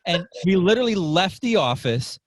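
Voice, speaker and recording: A man hosting a podcast interview, telling a story in a casual, animated way and acting out the people in it. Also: sits high, moderate pace, dry recording. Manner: animated, acts out voices in anecdotes. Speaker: podcast host.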